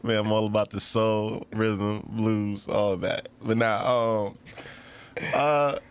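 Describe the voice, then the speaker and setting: A man's voice: lowish voice, fairly even intonation, takes it slowly, clear, resonant tone. A man with a New York accent co-hosting a podcast, talking in a laid-back, slangy way and laughing often. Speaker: podcast co-host. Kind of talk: casual podcast banter.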